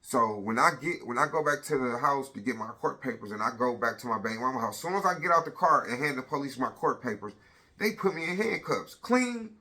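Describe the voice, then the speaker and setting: A man in his thirties retells a personal story on a casual vlog with a lot of energy, blunt and profane. His mid-range voice is expressive, fairly quick, bright and forceful.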